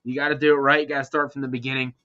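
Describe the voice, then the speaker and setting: Bright-voiced man rambling through live-stream chat. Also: medium pitch, very fast, no echo, lo-fi sound, soft background music. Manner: rambling, answers chat messages, excitable. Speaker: horror podcast host.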